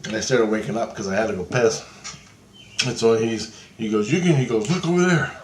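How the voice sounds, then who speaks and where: A man's voice: fairly low pitch, fairly quick, a little mellow, slight background noise. A man casually retelling a dream in a rambling, profane way, full of fillers and "he goes". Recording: roomy echo.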